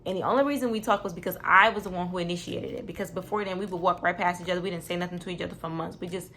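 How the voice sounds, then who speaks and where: Fast-talking young woman vlogger. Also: fairly low pitch, a little hiss or hum. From Detroit. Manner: animated, swears freely, acts out quotes. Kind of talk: casual storytime.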